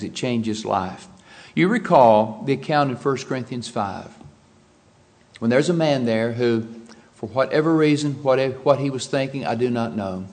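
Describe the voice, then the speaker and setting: Expressive male preacher. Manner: expressive, swings between loud emphasis and quiet low asides. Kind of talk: sermon.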